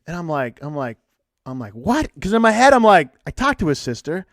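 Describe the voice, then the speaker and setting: A man's voice: fairly high pitch, fairly quick, dry recording, clean studio sound. A man who works as a counselor, telling a story in casual podcast chat, acting out what people said and cursing lightly. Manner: animated, acts out quotes, swears lightly. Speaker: addictions and mental health counselor.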